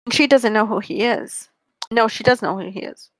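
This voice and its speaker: A woman chatting casually about books in a thoughtful, measured way with some fillers. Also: on the high side, no room sound, rough recording. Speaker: podcast co-host discussing books. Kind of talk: casual chat.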